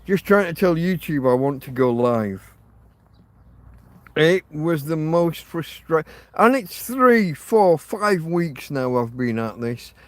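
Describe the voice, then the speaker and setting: A man's voice: a little high, expressive, slow, no echo. A man hosting a rambling live stream from his phone, sweary and self-deprecating as he rants. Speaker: livestream host. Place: in or by a tent outdoors.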